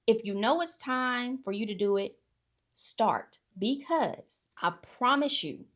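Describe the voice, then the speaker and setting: A middle-aged woman talking casually to her viewers. She gives faith-based encouragement, calls them y'all and keeps checking in with "okay?". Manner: preachy and emphatic, addresses viewers as y'all, frequent "okay?" check-ins; swings between soft storytelling and loud, high exhortation. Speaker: YouTube creator giving faith-based encouragement. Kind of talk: casual motivational talk to camera.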